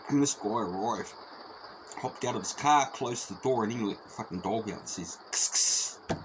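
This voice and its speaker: A man's voice: lowish voice, moderate pace. Profane rambling New man. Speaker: storyteller. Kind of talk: casual spoken anecdote. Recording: noisy background.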